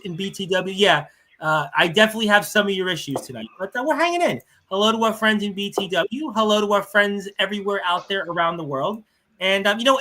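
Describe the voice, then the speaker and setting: A man hosting a live-streamed sports talk show, chatty and rambling, with many fillers and shout-outs to viewers. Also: high-pitched. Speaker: radio show host.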